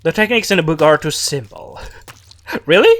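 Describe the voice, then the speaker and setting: A man's voice: a little high, expressive, brisk. A man voicing a deranged man obsessed with being funny, who mutters scornfully to himself. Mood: scornful muttering.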